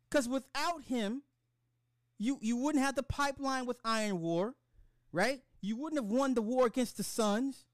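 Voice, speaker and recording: A man hosting a casual podcast, ranting in an animated, profane, excitable way. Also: extremely high pitch, dry recording, clean studio sound. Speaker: podcast host.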